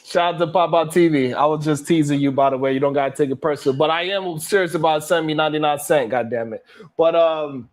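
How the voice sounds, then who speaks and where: A man from New York hosts a live reaction stream, his voice sitting slightly high. He keeps it loose and casual and peppers his banter with curses. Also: quick pace. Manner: loose banter, heavy cursing, frequent laughs. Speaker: live stream talk show host.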